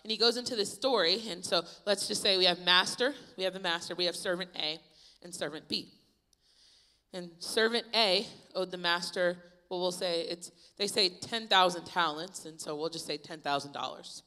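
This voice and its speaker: A young woman preaching a youth sermon, retelling Bible stories in a lively, casual storytelling way. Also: lowish voice, moderate pace. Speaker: youth pastor. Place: church youth service.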